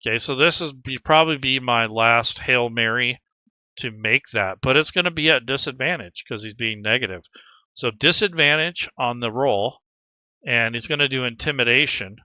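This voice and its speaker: A man's voice: medium pitch, normal speed, bright, forceful tone, no echo. A man talking casually through a tabletop game prep tutorial, rambling with frequent restarts as game master. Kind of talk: screen-recorded tutorial.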